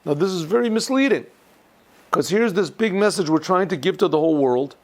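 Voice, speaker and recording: Rabbi guy doing a relaxed torah class, kinda gravelly, clears his throat a lot, lots of restarts. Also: high-pitched, a little fast. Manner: clears throat often, thinks aloud with restarts. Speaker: rabbi teaching a yeshiva class. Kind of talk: informal Torah lesson.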